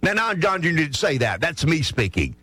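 A man's voice: fairly high pitch, very animated, fairly quick, sharp tone, breathy edge, no echo. A male talk radio host giving rambling political commentary, full of restarts and asides.

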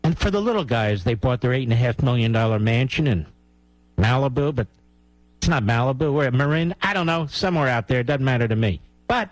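A man's voice: medium pitch, expressive, brisk, dry recording, poor audio. A man hosting a talk radio show, giving heated, sarcastic and mocking commentary.

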